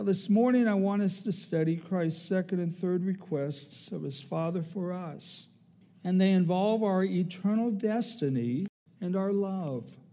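A man delivers a sermon from the pulpit, taking his time over each phrase. His voice sits fairly high but sounds mellow and warm. He leans on key words and reads scripture in a slow, deliberate cadence. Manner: measured preaching with slow emphatic phrases and scripture quotes. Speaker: pastor.

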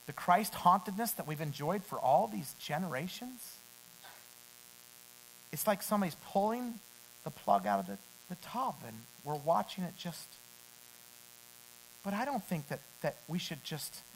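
A middle-aged man preaching a sermon. He climbs to loud, emphatic peaks and then drops back to a quiet storytelling tone. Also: high-pitched, sing-song, unhurried, long pauses, slight background noise, low-quality recording.

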